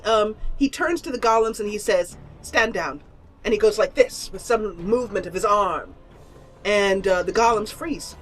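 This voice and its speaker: A woman narrating as game master of an online tabletop role-playing game, telling the story in a playful, giggly way with flowery descriptions. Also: fairly high pitch. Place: online voice call.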